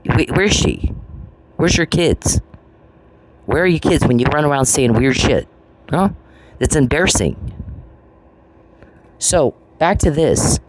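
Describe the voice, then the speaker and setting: A man's voice: fairly high pitch, big pitch swings, takes it slowly, long pauses. A man in an angry monologue, confrontational and profane, repeating taunting questions. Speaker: vlogger. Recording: noisy recording with clicks.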